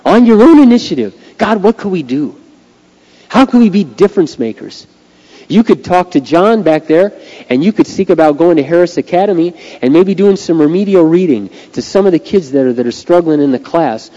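Man, middle-aged pastor, earnest sermon, mellow voice, slightly high pitch. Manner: earnest, conversational preaching. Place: church sanctuary. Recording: lo-fi recording with long hall reverb.

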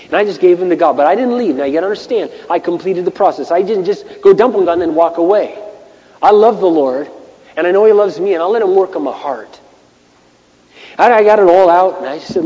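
A man's voice: high voice, animated, brisk, dull audio. Impassioned preacher man in an echoey hall. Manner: impassioned, swings from hushed asides to shouted bursts. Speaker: pastor. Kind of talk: sermon.

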